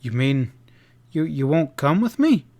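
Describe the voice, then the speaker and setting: A frightened young cowhand from a western storybook, speaking in a hurried, faltering rush and tripping over his words, as a man reads him out. The voice sits a little high for a man. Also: big pitch swings, darkish tone. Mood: desperate.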